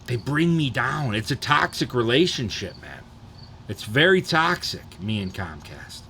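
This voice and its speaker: A young man on a live stream rambles through stories, swearing freely and chatting casually. His mid-range voice is very animated and sharp in tone, yet unhurried. A little background noise can be heard.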